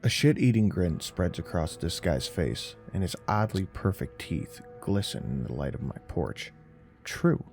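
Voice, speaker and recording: A man narrating a horror story in a slow, measured, deadpan way. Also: low voice. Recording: narration over faint music.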